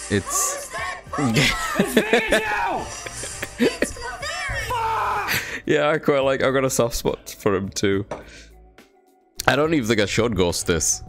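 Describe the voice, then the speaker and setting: A young British man chatting casually on his live stream, thanking viewers and swearing now and then. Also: lowish voice. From Britain. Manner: chatty, swears, reads chat aloud.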